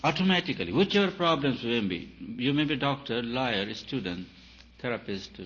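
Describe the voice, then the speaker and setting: A man giving a spiritual talk uses a mid-range, expressive voice at a moderate pace, pressing his points emphatically and asking rhetorical questions. He shifts between loud and soft. The audio is dull and lo-fi with faint hiss.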